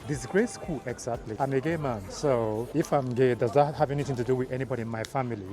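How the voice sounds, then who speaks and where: A man's voice: medium pitch, brisk, hardly any pauses, a little mellow. A man from Nigeria talking casually to his phone camera in a travel vlog, chatty and emphatic, doubling words for stress. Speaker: vlogger.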